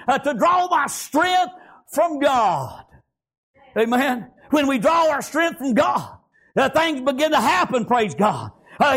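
A man preaching a fervent sermon, breaking into shouts and filling every pause with "praise God" and "amen". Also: very high voice.

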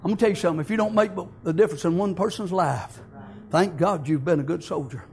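A man preaching a fiery, folksy sermon that builds to shouts. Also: high-pitched, fast.

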